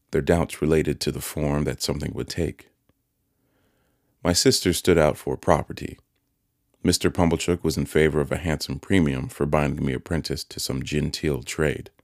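A man narrating a classic novel as an audiobook, measured and steady. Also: very deep voice, no echo, studio quality.

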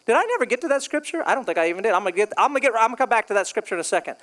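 A man's voice: high-pitched, very fast. A male pastor preaching a sermon, telling funny stories from his past and joking with the congregation. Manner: storytelling, joking, animated.

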